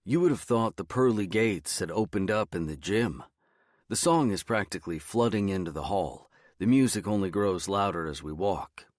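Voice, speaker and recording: Man reading a horror novel, measured and even, low voice, bone-dry studio sound. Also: dry recording. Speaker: audiobook narrator. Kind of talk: scripted first-person narration.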